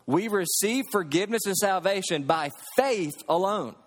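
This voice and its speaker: A man's voice: high voice, expressive, moderate pace. A man preaching a sermon as pastor, folksy and storytelling, in a church sanctuary.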